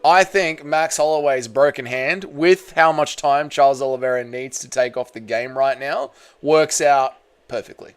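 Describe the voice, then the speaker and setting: A man's voice: medium pitch, moderate pace, smooth. An Australian man in young adulthood hosting a casual live stream, chatty and upbeat, greeting viewers by name as he rambles.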